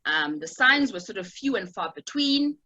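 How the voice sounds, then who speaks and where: A woman's voice: mid-range voice, big pitch swings, normal speed, bright, forceful tone, slightly rough, muffled recording. A woman giving an online talk over a video call, telling a personal story in a reflective way with many small fillers.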